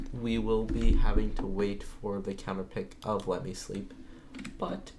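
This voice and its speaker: A man casting an esports match alone from home, calling plays and then talking more quietly so as not to wake others. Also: on the low side, a little hiss or hum. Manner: rapid excited calls, then quieter. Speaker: esports caster. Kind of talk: solo play-by-play commentary.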